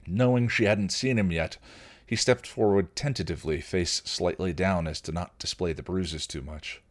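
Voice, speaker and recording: A man who hosts a podcast, reading his novel aloud in an expressive, lively manner. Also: low voice, moderate pace.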